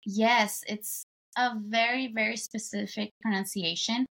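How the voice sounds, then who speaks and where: Gravelly, animated woman guest. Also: on the high side, measured pace. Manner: animated storyteller acting out quoted exchanges. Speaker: podcast guest. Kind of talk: casual chat.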